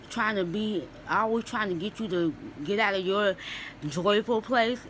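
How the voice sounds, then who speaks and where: A woman's voice: mid-range voice, slight background noise, low-quality recording. A young woman and student, tearful, giving an earnest Christian encouragement and testimony in casual talk, repeating her phrases. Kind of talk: casual spoken testimony to camera.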